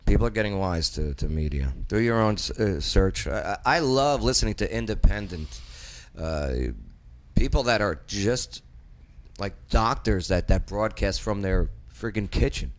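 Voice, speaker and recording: A man's voice: on the low side, lively intonation, moderate pace. A man hosting a casual political talk show, speaking emphatically and often talking over his co-hosts. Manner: emphatic, talks over others. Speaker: host, political commentator.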